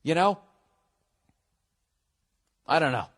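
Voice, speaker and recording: A man's voice: fairly high pitch, animated, slow. A man hosting a podcast, ranting casually and bluntly while reading out listener emails, swearing and laughing often. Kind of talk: casual profane rant.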